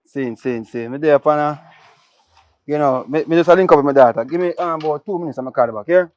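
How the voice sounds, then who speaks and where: A man's voice: on the high side, fast talker, dull audio, lightly acted. A man playing a father who brings his daughter home, pleading and repeating himself in patois-laced talk.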